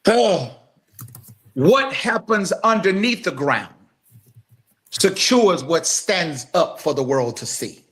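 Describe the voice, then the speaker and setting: A grown man co-hosting a talk show, his voice sitting high for a man. He builds his points like a preacher, emphatic and direct, calling out to the audience as he goes. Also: sing-song, takes it slowly, pauses often, a bit bright. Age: adult. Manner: emphatic, building like a sermon, addresses listeners directly. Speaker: podcast co-host. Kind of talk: impassioned podcast talk, preacher-like.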